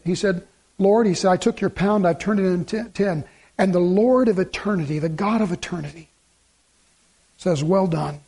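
A man's voice: high-pitched, a little mellow. A male pastor preaching a sermon and reading scripture aloud, building to emphatic, repeated lines. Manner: preaching with rising emphatic repetition.

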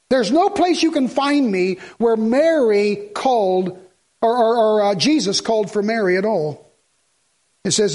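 Older guy preaching at a funeral, reads scripture then hammers points over and over, real high voice for a man. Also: darkish tone. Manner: fervent, repeats phrases for emphasis. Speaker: pastor. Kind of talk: funeral sermon with scripture reading.

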